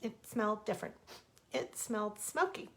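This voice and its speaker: Lady reading bedtime stories on a webcam, gentle, expressive. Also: mid-range voice, normal speed. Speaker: author reading her stories.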